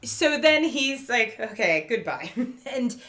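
A woman with a bright, forceful voice chats through a TV episode recap. She acts out the characters' lines with lively quoted voices and laughs often. Her tone is casual and swears freely. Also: fairly high pitch, slow pace. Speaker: podcast co-host recapping a TV episode. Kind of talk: casual chat, retelling scenes with quoted voices.

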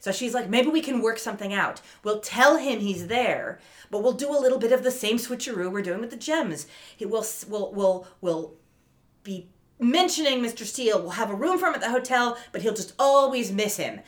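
A woman co-hosting a casual podcast, retelling a TV episode and acting out the characters' lines. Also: a little high. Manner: animated, acts out characters' lines in quick quotes. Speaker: podcast co-host. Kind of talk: casual chat recapping a TV episode.

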